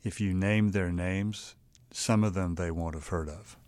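A male podcast host calmly prompting his guest in a measured way. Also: low-pitched, dry recording. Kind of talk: interview.

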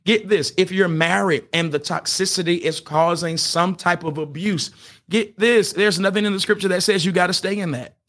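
This podcast host's voice sits high and a bit bright, moving at a normal speed as he gives relationship advice. His delivery is preacher-like and emphatic, punctuated by "hear me" and "get this." He frequently trips over words and starts his sentences again.

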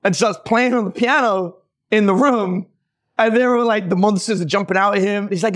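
A man talking as a podcast guest, telling lively stories and acting out the people he quotes, with lots of "like" fillers. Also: high-pitched, moderate pace. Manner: animated, acts out quoted voices, many "like" fillers. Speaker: podcast guest, dating company owner. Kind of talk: casual conversational storytelling.

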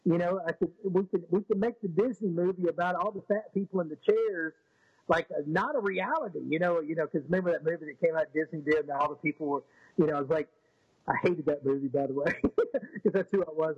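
A man telling a long, rambling personal story in an interview, full of restarts and fillers, and lively when he quotes other people. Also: on the high side, quick pace, breathy edge, no echo, lo-fi sound. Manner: animated when quoting others. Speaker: interview guest. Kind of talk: casual storytelling.

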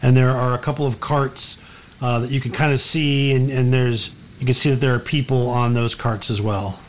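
A man's voice: medium pitch, fairly even intonation, normal speed, a little hiss or hum. A man narrating a tabletop game as game master, loose and rambling, full of fillers.

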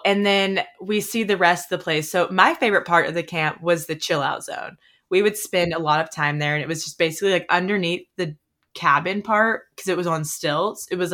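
Young woman host, somewhat low voice, easygoing chat, describes things in a relaxed way. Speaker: podcast host. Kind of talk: casual podcast chat.

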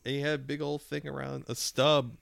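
A man co-hosting a podcast in casual chat, crude and animated, acting out quotes in silly voices. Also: medium pitch, fairly quick, gravelly, no room sound, clean studio sound. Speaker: podcast co-host.

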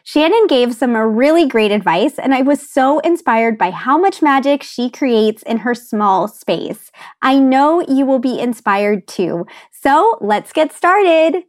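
A woman reads a scripted podcast intro in a fairly high voice. Her delivery is bright and enthusiastic. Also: lively intonation, slow pace. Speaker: podcast co-host.

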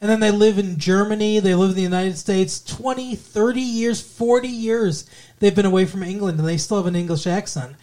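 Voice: medium pitch, fairly quick, dark tone. Rambling middle-aged podcast co-host. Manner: rambling, filler-heavy, jokey impressions. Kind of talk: casual chat.

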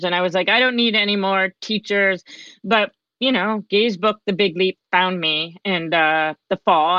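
A woman's voice: mid-range voice, sharp tone. A woman speaking as a podcast guest, telling her own story in a candid, chatty way. She acts out the lines she quotes. Her voice sounds a little dull and dry, with no room echo. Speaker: podcast guest, author and coach. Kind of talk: personal storytelling in a conversation.

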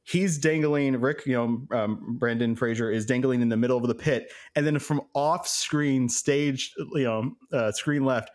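Slow-talking guy cohosting a podcast, laid back, laughs a lot while he tells stories. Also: medium pitch. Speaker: podcast co-host. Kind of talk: casual chat.

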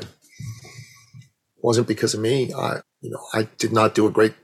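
Middle aged guy, low husky voice, telling a story on an interview, really animated, acts out the dialogue. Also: normal speed, low-quality recording. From Iran. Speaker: guest. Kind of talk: emotional personal storytelling.

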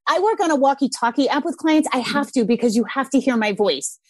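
A high-voiced woman whose pitch swings widely as she talks. She speaks as a parenting coach in a relaxed podcast chat, animated and quick to laugh. The sound is close and dry. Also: husky, dry recording. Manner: animated, laughs often, acts out little scenes. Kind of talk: casual podcast conversation.

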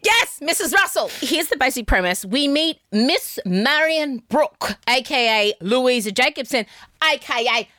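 A woman's voice: high-pitched, animated, unhurried, bright, forceful tone, no room sound, clean studio sound. A woman co-hosting a podcast over a video call, playful and giggly, keen to try impressions. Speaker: podcast co-host. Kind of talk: casual chat.

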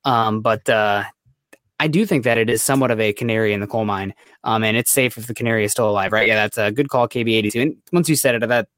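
A man co-hosting a casual sports podcast, giving quick analytical takes peppered with "right?" and "like". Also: fairly low pitch, fairly bright tone, no room sound, studio quality. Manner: fast, analytical, lots of "right?" and "like". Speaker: podcast co-host.

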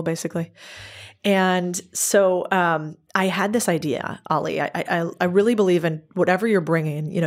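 A woman talking as a podcast guest, her voice sitting a little low for a woman. She tells her stories in a candid, chatty interview style and slips into quoted dialogue as she goes. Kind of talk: casual interview storytelling.

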